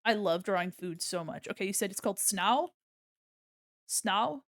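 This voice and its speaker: A woman streams herself drawing while chatting casually, rambling in a silly, giggly way. Her medium-pitched voice is expressive and a bit bright, at a moderate pace, recorded in clean studio sound with no echo.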